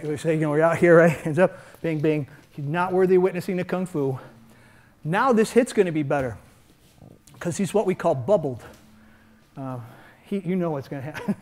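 An older man teaching a hands-on martial arts seminar, energetic, shouting sound effects and checking in with "right?" as he demonstrates. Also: a little high.

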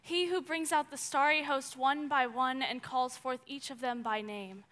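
A young woman, a student performer, reciting memorized scripture in turns with a partner, swelling from hushed to ringing. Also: high-pitched, steady tone, normal speed. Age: young adult.

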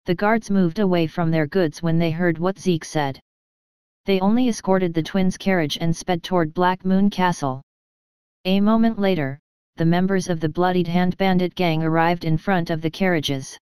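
A woman narrating an audiobook in steady scripted storytelling, recorded close on a studio mic. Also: lowish voice, moderate pace, smooth, dry recording.

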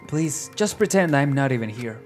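A gamer reading out the lines of a cold, guarded teenage girl assassin with flat, blunt delivery, in a lively voice. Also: medium pitch, normal speed, soft background music, voice pushed down, lightly acted. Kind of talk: reading game dialogue aloud.

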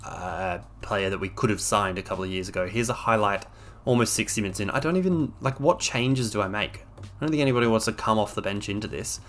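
A man's voice: fairly low pitch, fast talker, fairly bright tone, slight background noise. A young man commentating on his own gameplay, exasperated and sarcastic, ranting at a desk microphone. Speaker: game streamer.

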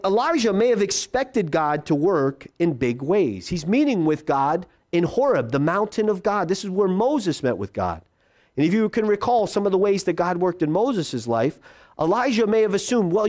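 A male pastor delivering a lively sermon in a fairly high voice that swings widely in pitch. He acts out the voices he quotes. For quiet words he drops to a soft hush. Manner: animated preaching, acting out quoted voices; drops to a hushed low voice for God's quiet words.

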